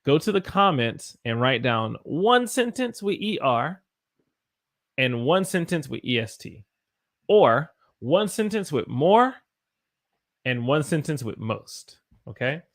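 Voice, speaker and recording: Teaching English on a live stream, an American man reads out viewer sentences and corrects them, encouraging despite being tired after a long day. His voice is a little high and very animated, and he speaks slowly.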